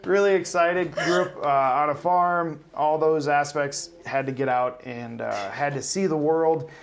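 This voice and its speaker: A man's voice: a little high, unhurried, a little hiss or hum. A man in his forties from South Dakota, a hospital CEO talking in a casual interview in an upbeat, humble way.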